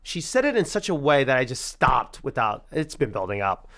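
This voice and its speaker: A man in his thirties telling a personal story in the first person, animated and acting out the people in it. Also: medium pitch, moderate pace. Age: 30s.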